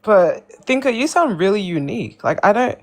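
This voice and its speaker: A woman's voice: mid-range voice, big pitch swings, normal speed. A woman with an Australian accent chatting casually on a live stream, joking and bantering playfully.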